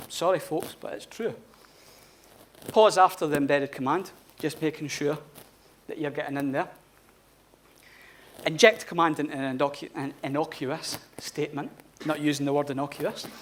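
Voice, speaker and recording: A man speaks at a conference in a blunt, casual way, dropping swear words. His voice sits fairly high. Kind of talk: live conference talk. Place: conference hall.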